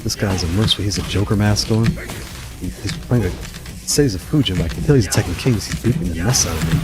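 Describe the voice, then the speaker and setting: A man's voice: on the low side, very noisy. A man casually commenting on his fighting game matches, trash-talking opponents and then apologizing. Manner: playful trash talk, quick apologies. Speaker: gaming streamer.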